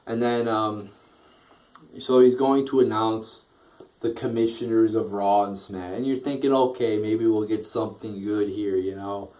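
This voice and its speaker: A tired man in a casual, profanity-laden rant reviewing a wrestling show, yawning and tripping over his words. His voice sits fairly low. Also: fairly even intonation, a little slow, dark tone, far from the mic, low-quality recording. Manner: tired, profane, rambling with restarts and yawns. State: sleepy, yawning.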